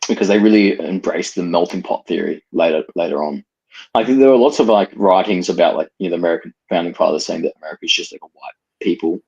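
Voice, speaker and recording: A young man, arguing in a heated casual debate, talking fast with many restarts and fillers. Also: deep voice, creaky, a little mellow, husky, highs cut off. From Australia. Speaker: debate participant.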